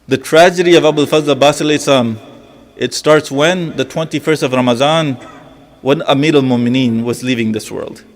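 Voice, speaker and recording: A man's voice: medium pitch, brisk. A man preaching a mourning sermon. He asks rhetorical questions, repeats key phrases, and retells scenes through quoted dialogue.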